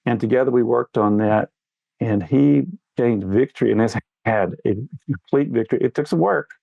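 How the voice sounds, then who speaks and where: In a candid interview, a middle-aged guest speaks with fatherly earnestness as he shares stories. He has a medium-pitched, gravelly voice and talks at normal speed. The recording is dry and the audio sounds dull.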